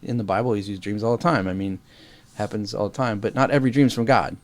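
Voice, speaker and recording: A man's voice: on the low side, fast. A man co-hosting a casual podcast, chatting, laughing often and reading passages aloud. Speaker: podcast co-host.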